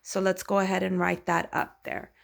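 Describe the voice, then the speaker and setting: A woman's voice: lowish voice, level tone, moderate pace, gravelly. A woman teacher giving a recorded lesson to children, patiently explaining and asking many questions.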